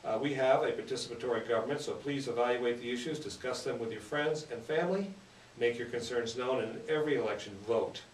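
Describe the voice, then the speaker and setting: A man's voice: medium pitch, fast. A man hosting a local public radio show, talking with many fillers and restarts. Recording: roomy, distant mic with noticeable hiss.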